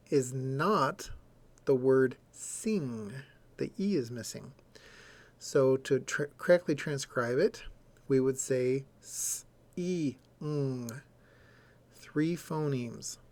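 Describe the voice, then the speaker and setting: Slow, deliberate male lecturer. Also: mid-range voice, darkish tone. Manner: deliberate, explanatory, sounds words out as examples. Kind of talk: recorded lecture.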